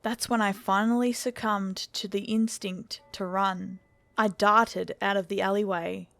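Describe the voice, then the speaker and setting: A woman narrates a scripted horror tale in a steady, measured way. Her voice sits at a middle pitch and keeps an even storytelling pace. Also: gravelly, dry recording.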